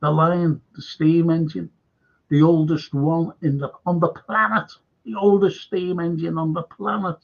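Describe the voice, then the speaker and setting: A man with a Liverpool accent rants to his live stream, cursing constantly as he rambles from one grievance to the next. His voice sits a little high and sounds gravelly and husky. The audio is dull and lo-fi. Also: steady tone, unhurried. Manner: swears heavily, rambling and heated. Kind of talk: casual rant to a live stream.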